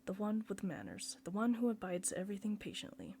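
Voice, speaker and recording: A woman's voice: mid-range voice, big pitch swings, fairly quick, vocal fry, mellow, a little hiss or hum. A woman reading the part of a scornful middle-aged male surgeon who lectures and accuses his brother.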